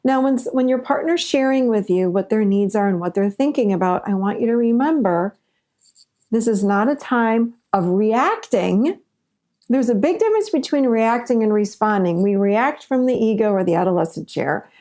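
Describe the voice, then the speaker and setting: A woman with a slightly high voice gives a teaching talk on relationships. She speaks earnestly and drives her points home through repetition. She also acts out short example conversations between partners. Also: animated, moderate pace, mellow. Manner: earnest, repeats for emphasis, acts out example dialogues. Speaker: relationship coach. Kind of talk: teaching monologue.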